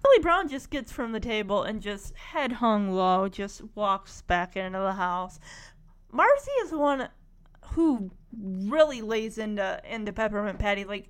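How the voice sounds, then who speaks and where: A woman's voice: medium pitch, animated, a little slow. A woman casually retelling a cartoon story in a chatty, opinionated way, full of asides. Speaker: cartoon recapper.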